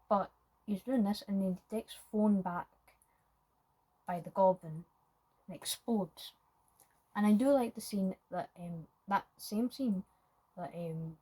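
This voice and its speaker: A woman talks through a film review in a loose, wandering way, pausing often to find her words. Her voice sits a little low for a woman and has a husky, breathy edge. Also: warm tone, poor audio. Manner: rambling and hesitant, with many ums and restarts. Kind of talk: casual spoken film review.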